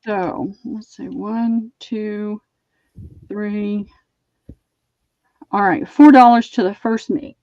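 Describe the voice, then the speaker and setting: A woman with a Southern US accent hosts a casual live online sale, chatting as she describes fabric pieces aloud. Her mid-range, mellow voice moves extremely slowly with frequent pauses. The audio is lo-fi with no room sound.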